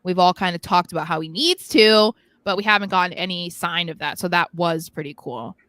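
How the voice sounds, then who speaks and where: A young adult woman co-hosting a casual chat podcast, excited and giggly, rambling quickly. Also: fairly low pitch, dry recording. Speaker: podcast co-host.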